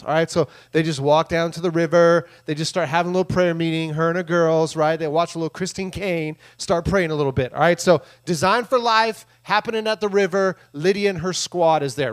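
A man preaching a casual, jokey sermon in a church room, acting out the people in the story. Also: high voice. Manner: jokey, animated, acts out quoted voices. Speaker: pastor.

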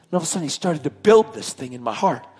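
A man giving an emotional personal testimony, a dramatic storyteller who drops to hushed tones and then rises to shouting. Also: on the high side, sing-song, quick pace. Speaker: testimony speaker.

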